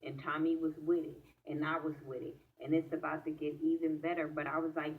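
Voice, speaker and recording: Low-voiced woman excitedly recapping an episode. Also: moderate pace. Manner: excitable, profane, talks straight to viewers. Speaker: TV episode reviewer. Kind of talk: casual recap vlog. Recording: tinny phone-like audio from off-mic.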